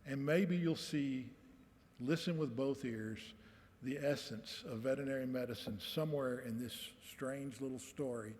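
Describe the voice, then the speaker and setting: With a mid-range voice and measured pace, this man delivers a commencement address at a podium microphone on stage in a big hall. The recording is reverberant, and he spins folksy, animated stories, acting out the quotes as he reads.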